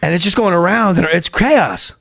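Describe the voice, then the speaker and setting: A man's voice: high-pitched, normal speed, vocal fry, no echo, clean studio sound. A man in casual podcast chat, telling stories animatedly and acting out quotes with frequent laughter. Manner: animated storyteller, acts out quotes, laughs often. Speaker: podcast guest, former comedy writer.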